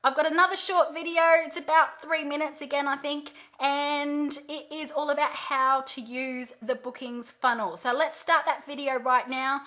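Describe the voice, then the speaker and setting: A woman's voice: high-pitched, steady tone, moderate pace, hardly any pauses, sharp tone. A woman hosting a live webinar, teaching sales techniques in an emphatic, upbeat way.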